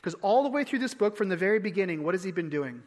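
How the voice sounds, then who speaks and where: A man preaching a sermon as pastor, conversational with repeated phrases and restarts, dropping soft on key lines. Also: high-pitched, expressive, fast talker. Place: church sanctuary. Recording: long hall reverb.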